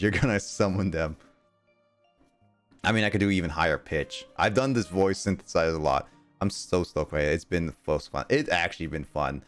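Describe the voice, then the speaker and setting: A young man streaming a game, chatting casually with viewers in a rambling way and laughing often. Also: deep voice. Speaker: gaming livestreamer. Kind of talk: casual livestream chat with viewers.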